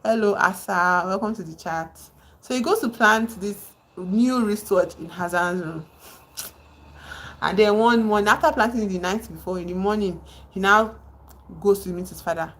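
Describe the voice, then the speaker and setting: A woman's voice: medium pitch, moderate pace, fairly bright tone. A woman live streaming, casually retelling a novel and breaking off to greet viewers in the chat. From Nigeria.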